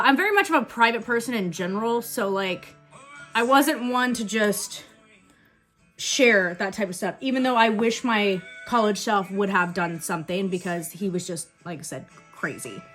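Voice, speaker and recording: A woman's voice: on the high side, a bit bright, faint music behind. Candid young woman, beauty storytime vlog. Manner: candid, blunt and profane; quick chatty asides. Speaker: beauty vlogger. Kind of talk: casual get-ready-with-me storytime.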